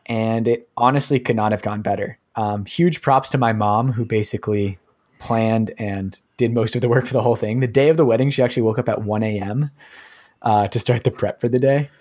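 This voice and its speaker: A man's voice: on the low side, fairly even intonation, normal speed, darkish tone. A man co-hosting a casual podcast, telling a story in an easygoing way with frequent ums. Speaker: podcast co-host.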